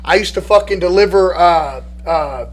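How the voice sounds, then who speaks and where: A man telling animated, profane stories in a casual chat. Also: high voice, moderate pace, husky. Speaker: podcast participant telling stories.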